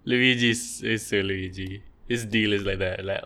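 A young man, chatting casually on a podcast and telling stories with lots of laughter. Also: normal speed. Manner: animated storyteller who acts out quotes in high voices and laughs often. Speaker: podcast co-host. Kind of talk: casual chat.

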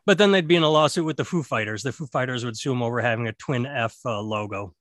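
A man's voice: mid-range voice, fast talker, fairly bright tone, dry recording, studio quality. A man co-hosting a podcast, rambling and swearing through casual banter. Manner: rambling, profane, laughs often. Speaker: podcast co-host.

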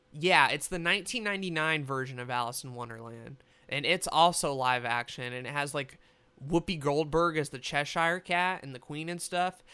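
Bright, crisp-voiced young man rambling. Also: a little high. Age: young adult. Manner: rambling, casual, swears freely, animated. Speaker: movie reviewer. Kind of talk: casual spoken movie review.

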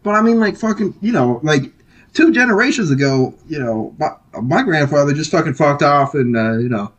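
A man's voice: fairly high pitch, expressive, normal speed, poor audio. A man co-hosting a casual podcast chat, rambling with lots of filler words and swearing, a little drunk. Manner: rambling, heavy filler words, swears a lot, laughs often. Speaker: podcast co-host.

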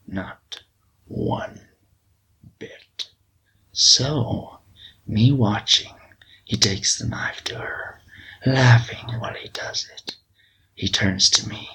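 A man doing a whispered impression of a scarred psychopathic movie villain, slow and menacing. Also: mid-range voice, full character voice, rough recording. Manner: hushed, drawn-out menacing whisper.

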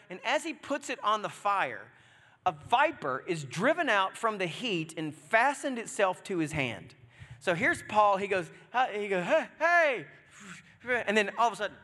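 A man preaching a sermon in a chatty, joking way, acting out the story with sudden loud exclamations. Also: high voice. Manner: animated, jokey, acts out scenes with loud exclamations. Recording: long reverb of a large hall.

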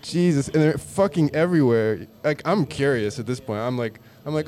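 A man's voice: medium pitch, lively intonation, moderate pace, darkish tone. A man in casual chat, wry and joking, swearing freely.

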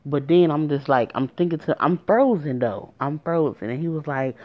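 A woman tells a personal story in a casual, emotional way and speaks straight to her listeners. Her voice sits low. The recording sounds muffled and lo-fi. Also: moderate pace. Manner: emotional, addresses listeners directly.

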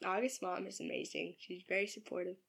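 A woman's voice: lowish voice, fairly even intonation, fast talker, creaky, a bit bright, slightly rough. A young woman in a casual podcast chat about her own novel, talking with many fillers and laughs. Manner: chatty, giggly, filler-heavy. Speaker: podcast co-host and writer.

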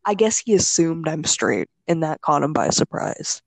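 A woman's voice: low-pitched, very animated, moderate pace, creaky, dry recording. A young woman in casual chat, blunt and swearing, full of "like".

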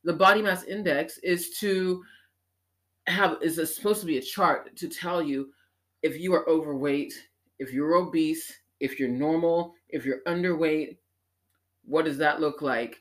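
A woman hosting a show, talking in an animated, emphatic personal monologue that swings up into exclamations. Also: low voice, measured pace. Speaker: podcast host.

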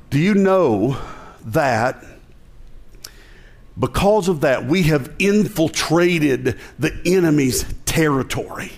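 A man's voice: a little high, expressive, slow pace, creaky. A male pastor with a Southern American accent, preaching a conversational sermon with jokes and emphatic rising passages.

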